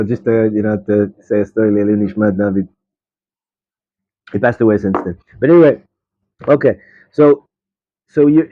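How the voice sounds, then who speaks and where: A man teaching an informal Torah class, chatty and digressive, telling stories with many restarts. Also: medium pitch. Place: study hall classroom. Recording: tinny phone-like live stream audio.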